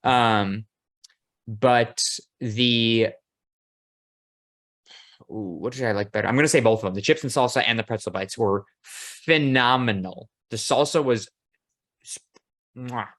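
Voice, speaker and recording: A man's voice: mid-range voice, a little slow, pauses often. Easygoing swearing podcast host man. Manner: relaxed, easygoing, swears casually. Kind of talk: casual chat.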